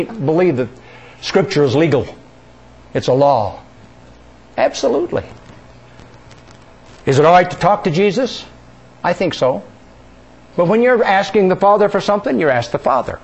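A husky-voiced male preacher gives a sermon, asking the congregation questions and prompting them to answer. He emphasizes key words by dropping them softly into a lower register.

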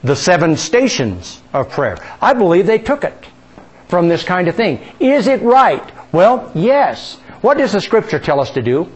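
Lively, high-voiced male preacher. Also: a little slow, husky. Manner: asks the congregation questions, leads them in reciting. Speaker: pastor. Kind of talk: sermon.

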